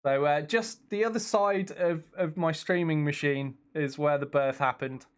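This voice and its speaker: A young man with a slightly high-pitched voice plays a video game on a live stream from his home. He talks casually, reacting out loud to every turn and reading his viewers' messages back to them. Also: a little slow, smooth. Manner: chatty, reacts aloud to the game and reads out chat.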